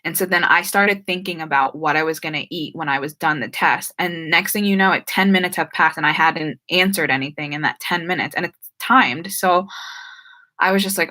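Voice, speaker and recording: Bright chatty woman with a Jersey accent. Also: deep voice, normal speed. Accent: New Jersey and Philadelphia. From New Jersey. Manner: chatty, frequent "like" and "um", trips over words. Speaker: YouTuber hosting a live stream Q&A. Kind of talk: casual live-stream chat.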